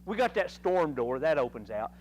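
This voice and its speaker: This Bible lesson comes from a man teaching Sunday school at church, who reads a passage and then expands on it with folksy animation at a moderate pace. He speaks a little high for a man. Poor audio quality leaves a faint hum underneath.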